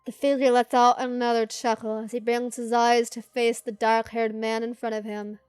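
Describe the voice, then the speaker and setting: A young woman gaming host reading narration aloud and chatting back at the characters with animated, joking asides. Her voice is on the high side and smooth. The sound is close and dry. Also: normal speed, dry recording, faint music behind. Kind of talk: reading a game aloud with live commentary.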